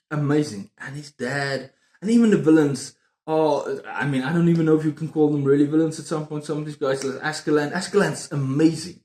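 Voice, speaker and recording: A man chatting casually about books on his video channel, excitable and prone to repeating himself. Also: a little high. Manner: excitable, repeats words and phrases. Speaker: book vlogger. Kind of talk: casual book review chat. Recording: roomy echo.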